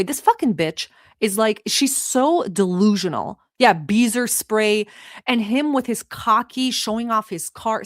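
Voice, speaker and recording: A woman's voice: mid-range voice, no room sound. Woman ranting, dry close sound. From Middle East. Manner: sarcastic, profane ranting. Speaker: livestream commentator. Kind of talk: heated reaction commentary.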